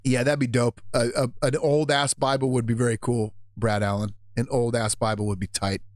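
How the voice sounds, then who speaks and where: A middle-aged man from Seattle hosting a livestream, talking casually with lots of swearing and sudden animated outbursts. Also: medium pitch, moderate pace, no room sound. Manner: profane, animated, swings into loud outbursts. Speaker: livestream host.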